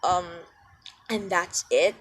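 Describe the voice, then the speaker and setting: A woman's voice: lowish voice, slow pace. A woman in a casual vlog, rambling and self-deprecating, full of ums and side-tracks, talking into a cheap headset mic. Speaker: channel owner.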